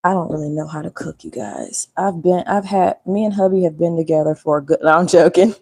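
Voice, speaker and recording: A woman's voice: lowish voice, a little fast, vocal fry, a little mellow. A woman chatting casually and joking with viewers during a cooking livestream. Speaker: livestream host.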